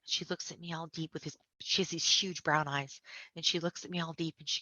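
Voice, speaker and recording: A woman with a low yet bright, forceful voice recounts her own story as a podcast guest. She tells it vividly, slipping into the voices of the people in it. The recording is dry and a little dull. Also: fairly even intonation, a little fast, no room sound. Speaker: interview guest. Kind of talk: personal storytelling. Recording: dull, muffled podcast audio.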